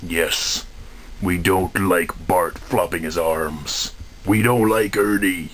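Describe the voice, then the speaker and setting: A man voicing a smug, mean male puppet frog in a comedy puppet video, talking slowly with sly chuckles. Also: low-pitched, fairly even intonation, fairly bright tone, voice pushed down.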